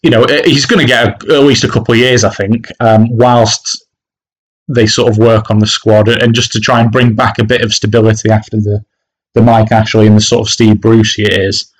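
Low-voiced man chatting about football. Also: little pitch movement, moderate pace, poor audio. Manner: hesitant, many restarts and fillers. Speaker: podcast co-host, football fan. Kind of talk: casual football podcast chat.

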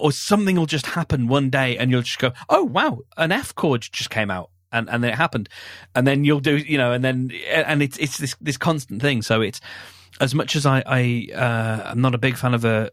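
Man, hesitant, restarts a lot, wry, medium pitch, dry close sound. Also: dry recording. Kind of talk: casual conversational interview.

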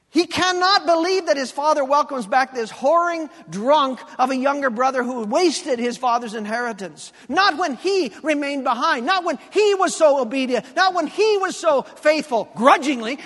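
A male pastor preaching a sermon with animated, emphatic delivery and pointed repetition. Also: very high-pitched, long reverb tail.

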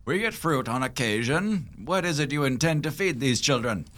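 A man's voice: mid-range voice, expressive, moderate pace, fairly bright tone, voice pushed up, lightly acted. A man voicing a grave, formal turtle elder who speaks in stately, ceremonious phrases.

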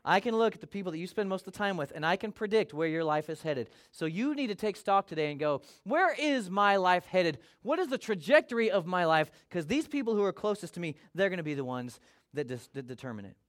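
A man delivers a sermon as a pastor, his voice sitting high for a man. He talks to the congregation in an easy, conversational way and slips into little acted voices for the people he quotes. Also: animated, brisk.

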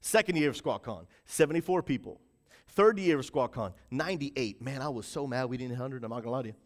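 A man preaching to a livestream church audience, building hype and calling on the chat to respond, swinging from loud bursts to low, intent emphasis. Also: expressive, fast, long reverb tail. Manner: rises to shouting in bursts, drops low to stress points. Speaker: pastor.

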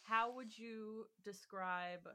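A woman's voice: mid-range voice, steady tone, slow, bright, forceful tone, clean tone. A woman in her twenties with a Canadian accent, hosting a casual podcast chat and asking questions. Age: 20s. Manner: asks questions, chatty. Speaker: podcast host.

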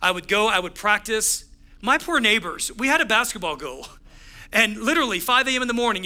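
A young man preaching a sermon in a high, sharply bright voice. He tells his story with lively, conversational energy, speaking straight to his congregation as their pastor. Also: a little fast.

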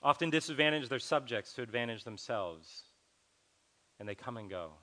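Bright-voiced earnest male pastor preaching. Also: mid-range voice, animated, moderate pace. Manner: conversational, earnest, acts out quoted dialogue. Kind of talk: sermon.

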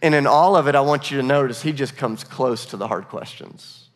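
Earnest pastor preaching in a reverberant hall. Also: male voice, medium pitch, brisk. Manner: earnest, repeats words, varies pace for emphasis. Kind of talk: sermon. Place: church sanctuary. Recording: long reverb of a large hall.

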